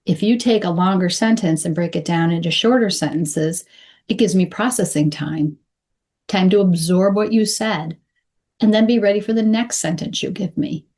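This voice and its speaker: A woman coaching clear English, speaking deliberately and modeling phrases slowly with pauses. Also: lowish voice, darkish tone. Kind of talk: instructional talk to camera.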